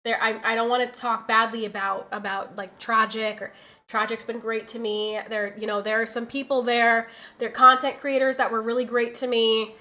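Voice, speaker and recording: A woman streamer talking casually at her desk mic, her voice bright and a little high. She tells stories in a chatty, exasperated way and answers her chat as she goes. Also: flat delivery, moderate pace. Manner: chatty, exasperated storytelling, reads chat aloud.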